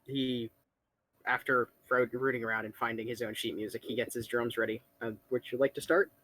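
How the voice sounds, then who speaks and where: A man running a tabletop game as game master, narrating in a relaxed, casual way. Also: mid-range voice, fairly quick, rough recording.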